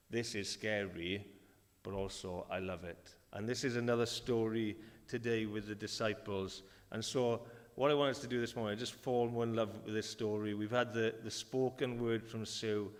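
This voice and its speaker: A Welsh man in his thirties preaching a sermon in a relaxed, conversational way, with many fillers and restarts. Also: fairly low pitch. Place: church hall. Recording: reverberant church hall.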